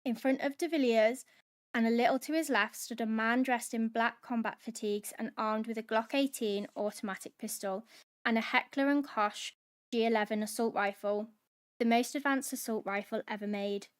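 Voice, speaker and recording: A woman hosting a book club, reading a novel aloud in steady dramatic narration. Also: fairly high pitch, normal speed.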